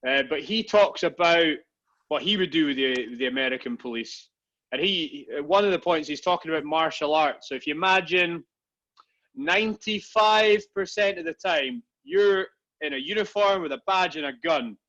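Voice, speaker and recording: A man's voice: fairly high pitch, lively intonation, moderate pace, fairly bright tone, dull audio. A man co-hosting a casual podcast, rambling and swearing as he tells stories. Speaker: podcast co-host. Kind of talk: casual banter.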